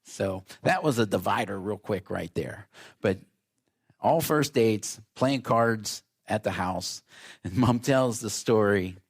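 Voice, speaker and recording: A male pastor delivering a sermon, telling family stories in an animated way and acting out the voices. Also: on the low side, slow pace, creaky, husky.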